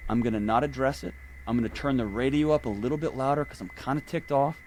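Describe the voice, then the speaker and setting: A man, a podcast guest, talking in a casual conversation and telling animated stories. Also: medium pitch, fast talker, slight background noise. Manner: animated storyteller.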